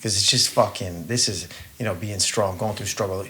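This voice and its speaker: A man's voice: lowish voice, moderate pace, pushed and bright. Male podcast co-host; blunt, profane storyteller; faint noise. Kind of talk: casual podcast chat.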